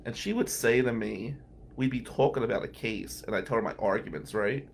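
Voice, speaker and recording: A man hosts a podcast and tells loose, meandering stories about work and friendship. His voice sits at an ordinary middle pitch, and his casual delivery is broken up by small chuckles. A faint hum of noise sits under the recording. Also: brisk, creaky. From Atlantic City, New Jersey. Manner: rambling, conversational, chuckles between remarks. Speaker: podcast host and criminal defense lawyer. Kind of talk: casual anecdotal storytelling.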